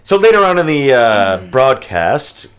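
A man's voice: mid-range voice, a little slow. A man co-hosting a casual podcast, joking and playful. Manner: playful, jokey and animated. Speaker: podcast co-host. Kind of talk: casual chat.

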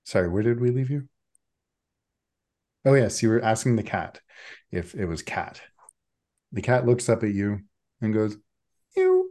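A man's voice: fairly low pitch, moderate pace, pauses often, mellow. A man narrating as game master in a tabletop game, with a laid-back manner and mumbled asides.

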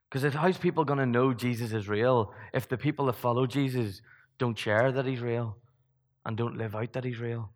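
A man delivers a sermon in a church, his voice at an everyday middle pitch. He preaches in a loose, conversational way, firing rhetorical questions at the congregation and often restarting mid-sentence. A long hall reverb trails behind each phrase.

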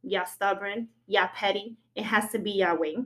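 A woman's voice: mid-range voice, fairly even intonation, normal speed, fairly bright tone. A young adult woman co-hosting a podcast, talking bluntly and emphatically with plenty of profanity in a heated casual chat. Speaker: podcast co-host.

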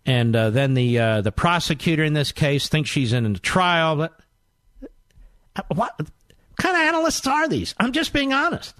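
A man's voice: fairly high pitch, big pitch swings, moderate pace, a bit bright, no echo, clean studio sound. A middle-aged man hosting a political talk radio show in a mocking, combative monologue.

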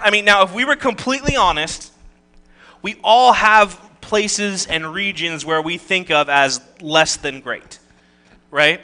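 A man's voice: sits high, a little slow, sharp tone. A man preaching a conversational sermon, reading scripture and adding joking asides and rhetorical questions. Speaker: pastor.

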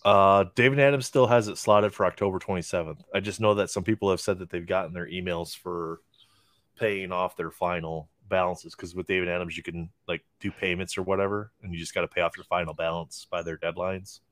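A laid-back man co-hosting a podcast with a very deep, low voice, explaining things easily with plenty of ums. The sound is close and dry. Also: steady tone, brisk, a bit bright, no room sound. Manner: laid-back, many fillers. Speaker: podcast co-host. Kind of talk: casual chat.

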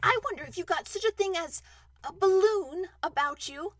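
Storybook teddy bear, a woman reading: high, thoughtful, ponderous. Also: normal speed, no room sound. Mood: earnest. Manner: earnest and ponderous, with hesitant restarts. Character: gentle, earnest, slow-witted male teddy bear.

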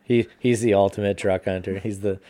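A man telling hunting stories in casual podcast chat, profane and animated. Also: on the low side, brisk.

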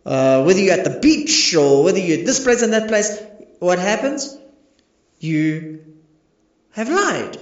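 A man preaching a sermon as pastor, emphatic and full of rhetorical questions. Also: high-pitched. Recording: echoey, dull lo-fi recording.

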